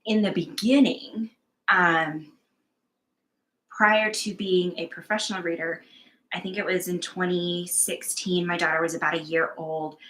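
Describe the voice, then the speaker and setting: A woman shares her stories as a psychic medium in a casual, chatty way. Her voice is bright and forward, sitting slightly low in pitch. She is candid and pokes fun at herself as she talks. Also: poor audio. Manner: candid, chatty, self-mocking. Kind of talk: casual conversational storytelling.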